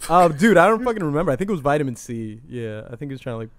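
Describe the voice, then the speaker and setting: A man's voice: fairly high pitch, sing-song, racing. A young man hosting a podcast, chatting casually with crude jokes and frequent laughs. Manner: rambling, crude, laughs often. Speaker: podcast host.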